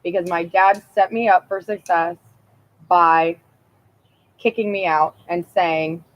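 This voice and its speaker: Low-voiced woman vlogger, candid and foul-mouthed, rambles through stories; muffled lo-fi audio. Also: fairly even intonation, slow. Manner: blunt, profane, rambling. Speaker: vlogger telling personal stories. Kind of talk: casual monologue.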